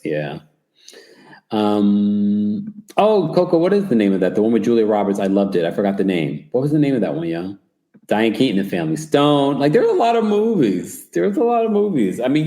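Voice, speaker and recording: A man's voice: deep voice, a little mellow, echoey room. A man hosting a livestream recap show, reading viewer comments in a chatty, gossipy way while tired and yawning late at night. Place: away from home while traveling.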